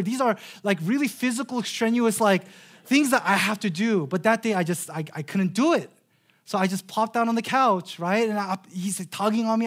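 A man in his thirties preaching a sermon in an earnest way, slowing right down on key phrases and repeating words as he restarts. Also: high-pitched. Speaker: pastor.

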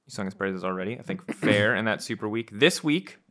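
A man's voice: lowish voice, animated, fairly quick, fairly bright tone. A man hosting an esports podcast, chatting casually and joking with his co-hosts. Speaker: podcast host and caster.

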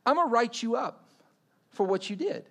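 A man's voice: very high-pitched, animated, moderate pace, pushed and bright, voice pushed up, heavily acted. A man playing his former boss, a stern but fatherly man who lectures firmly about responsibility. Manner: firm, lecturing. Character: stern male work boss, firm and fatherly.

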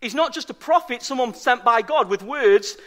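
High bright-voiced preacher. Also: male voice, animated, moderate pace. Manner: emphatic, repeats key phrases for stress. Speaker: pastor. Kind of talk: sermon. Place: church service.

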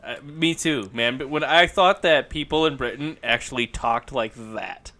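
A man chatting casually as a podcast co-host, animated and joking. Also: mid-range voice, moderate pace. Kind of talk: casual chat.

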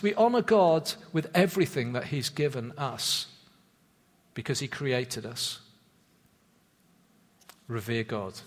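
A man preaching a sermon in an earnest, measured way, dropping low for emphasis and repeating words as he restarts thoughts. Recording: long reverb of a church hall.

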